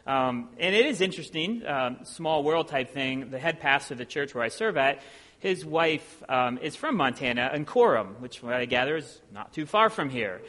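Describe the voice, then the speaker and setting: Bright-voiced preacher in a reverberant church. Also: male voice, medium pitch, lively intonation, moderate pace. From Ohio, USA. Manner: conversational and self-deprecating, with many filler sounds. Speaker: visiting preacher. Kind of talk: sermon. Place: church sanctuary. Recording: long hall reverb in a church.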